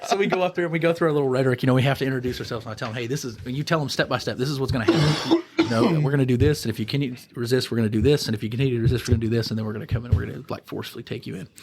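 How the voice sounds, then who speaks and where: Podcast guest, male, quick delivery, lively storyteller who voices the characters. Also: mid-range voice, breathy edge. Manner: animated storyteller, acts out voices. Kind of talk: casual storytelling.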